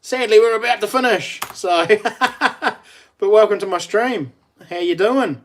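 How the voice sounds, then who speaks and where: A man's voice: high-pitched, a little slow, a little hiss or hum. A middle-aged man with a New Zealand accent, chatting casually on a live stream, laughing often and reading out viewer messages.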